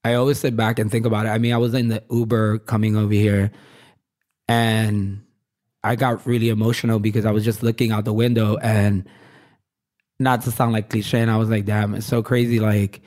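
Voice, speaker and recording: A man's voice: lowish voice, level tone, a little fast, a little mellow. A man from Brooklyn chats in a candid, rambling way, his sentences full of fillers and restarts. He laughs easily and turns emotional when he talks about home. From Brooklyn, New York. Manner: gets emotional, laughs often. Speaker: fashion designer guest. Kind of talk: casual interview chat.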